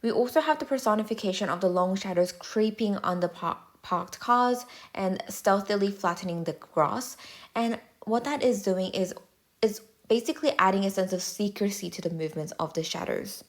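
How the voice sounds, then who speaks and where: A woman tutor giving a measured, clear, step-by-step explanatory voice-over lesson. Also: medium pitch.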